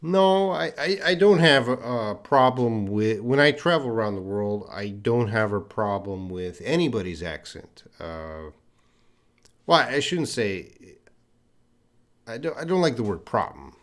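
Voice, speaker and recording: In a room with a desk and board, a man from Canada runs a live-streamed English lesson, calling out viewers by name from the chat. His medium-pitched voice is expressive and slightly slow, and his patient delivery is peppered with fillers and restarts.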